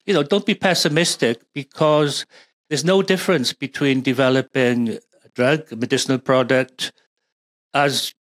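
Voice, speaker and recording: A man's voice: mid-range voice, steady tone, moderate pace, a bit bright, no echo. Welsh man, rambling expert guest. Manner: rambling, with many fillers and restarts. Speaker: guest, pharma supply chain expert. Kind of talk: conversational interview.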